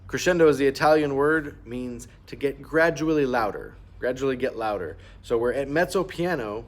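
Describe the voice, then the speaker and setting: In this instrument lesson, a male band teacher speaks at a medium pitch, animated and at normal speed, pausing only a little. He takes his time explaining the clarinet's fingerings and markings, singing the rhythms out loud as examples.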